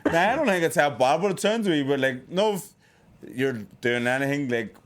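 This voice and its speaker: A man's voice: fairly high pitch, lively intonation, moderate pace. Man, 30s, co-host, casual storytelling, swears and laughs a lot. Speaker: podcast co-host. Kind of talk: casual chat.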